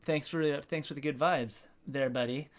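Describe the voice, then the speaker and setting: Male streamer in his thirties, slightly high pitch, loose jokey chat with viewers. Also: steady tone, moderate pace. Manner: joking, self-deprecating, swears casually. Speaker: livestream host. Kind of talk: casual live-stream chat reading comments.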